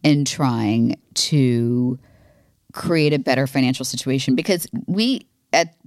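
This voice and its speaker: Low-voiced woman, earnest and heartfelt. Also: takes it slowly, darkish tone, dry recording, studio quality. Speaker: podcast co-host. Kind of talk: candid conversation with her husband.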